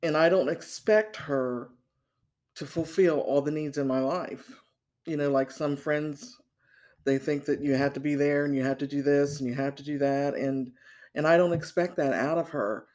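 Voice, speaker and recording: An older woman guest speaking hesitantly, with many pauses and fillers. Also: low-pitched, steady tone, darkish tone. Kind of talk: interview conversation.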